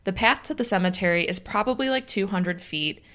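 A woman's voice: mid-range voice, a little fast, fairly bright tone. A woman with a Chicago accent co-hosting a casual podcast, chatting and reading a listener's story aloud with easy laughs and short dry replies. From Illinois. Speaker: podcast co-host.

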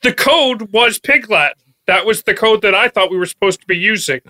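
Man playing a pedantic FBI director, bossy, high, very bright voice. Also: expressive, brisk. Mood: stern. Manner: bossy, insistent. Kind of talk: improv comedy scene.

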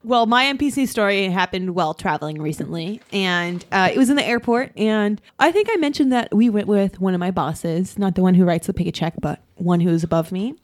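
A woman telling a travel story in a casual chat, measured, with many fillers and asides. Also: medium pitch. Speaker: podcast co-host.

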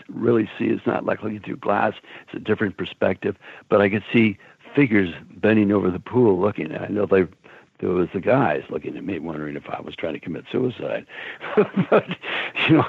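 Husky older man on a tinny phone line. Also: lowish voice, no room sound. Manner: rambling, laughs often, acts out quotes. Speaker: guest. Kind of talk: casual storytelling.

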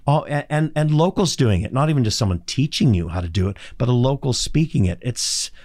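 A middle-aged man with a raspy, textured voice, chatting as a voice actor guest on an interview show and telling stories with sarcastic asides. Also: mid-range voice, a little fast. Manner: animated storyteller, sarcastic asides. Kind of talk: casual interview chat.

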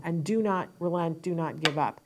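A woman host gives advice to parents in an emphatic, rapid monologue full of frank asides. Her voice sits a little low for a woman, and she speaks into a studio microphone. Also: a little mellow, a little hiss or hum.

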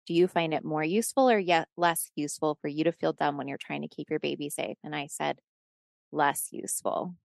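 A woman guest on a podcast tells a personal story in casual conversation, animatedly acting out quoted dialogue and swearing and laughing along the way. Her voice is low-pitched and creaky, and she talks quickly with few pauses, recorded in a clean studio with no echo.

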